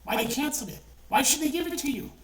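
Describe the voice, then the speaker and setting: A woman's voice: high voice, animated, fast, a bit bright. A middle-aged woman delivering an angry, profane rant as an online commentator, heated and repetitive. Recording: echoey room, distant from mic, faint noise.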